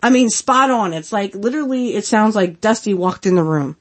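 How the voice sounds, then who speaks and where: A woman in her thirties hosts a podcast solo, chatting casually with lots of giggles and filler words as she rambles. Her mid-range voice is animated and brisk.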